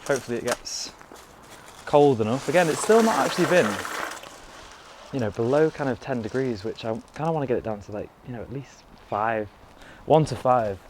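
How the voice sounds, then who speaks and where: Filming outdoors in a garden, a young fitness vlogger rambles to the camera in relaxed, chatty fashion, often tossing in "you know." He talks fairly quickly in a darkish, mid-range voice over slight background noise.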